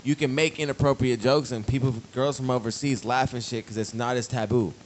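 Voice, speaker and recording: A man's voice: mid-range voice, steady tone, brisk, slight background noise, rough recording. A man on a casual podcast, making his points emphatically and swearing freely. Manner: emphatic, profane storytelling. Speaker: podcast co-host. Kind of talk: casual chat.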